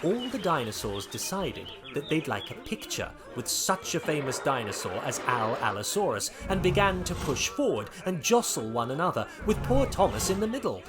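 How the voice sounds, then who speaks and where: An Australian man from Tasmania narrating his own children's story in a gently expressive, playful way. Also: fairly high pitch, moderate pace, few pauses, loud music behind the voice. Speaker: narrator and author.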